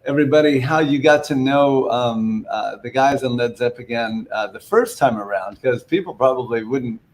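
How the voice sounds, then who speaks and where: A man's voice: medium pitch, normal speed. A man hosting a casual interview, easygoing as he prompts his guest. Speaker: host.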